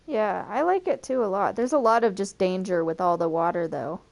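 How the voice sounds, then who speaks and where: A woman's voice: mid-range voice, moderate pace, vocal fry. A woman co-commentating a live esports match, chatty and giggly.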